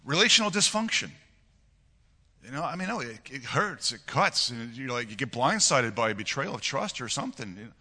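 A pastor with a slight lilt preaches to his congregation, his brightly ringing voice swinging widely in pitch. He keeps it animated and chatty, chuckling and doubling back on words. The sound carries a long church-hall echo. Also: a little fast. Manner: animated, conversational preaching with frequent laughter and repeated words. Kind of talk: sermon. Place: church sanctuary.

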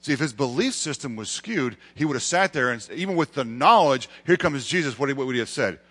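A man's voice: medium pitch, animated, a little fast, a bit bright. A male pastor preaching a sermon, with emphatic rises and dramatic retellings of scripture. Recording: long hall reverb.

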